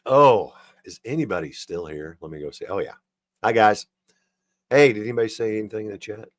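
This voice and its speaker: A man hosts a livestream, reading jokes one after another and adding his own chuckling remarks. His voice sits on the low side. The sound is dry and close, with no room echo. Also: brisk. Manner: reads jokes then chuckles and comments on them. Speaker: livestream host.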